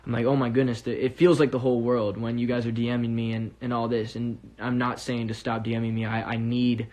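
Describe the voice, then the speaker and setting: Young man, middle pitch, earnest heartfelt livestream talk to fans, rambling with fillers. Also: completely flat delivery, fairly quick, darkish tone. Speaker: musician talking to fans on a livestream. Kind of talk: casual heartfelt monologue. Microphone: phone or webcam on a livestream.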